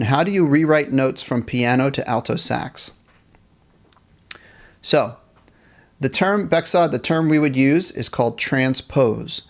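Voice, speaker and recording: A man teaching a live online band class, cheerfully reading chat questions aloud and encouraging students. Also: mid-range voice. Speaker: music teacher.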